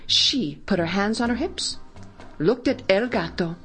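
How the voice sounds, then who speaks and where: A woman hosting a children's show, reading a story aloud with lively expression. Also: mid-range voice, measured pace, faint music behind.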